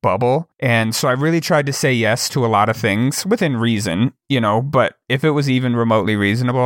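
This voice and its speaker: A man's voice: mid-range voice, a bit bright, no echo, studio quality. A young man from Wyoming, co-hosting a podcast and telling stories in casual chat, rambling with many fillers and restarts. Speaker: podcast co-host.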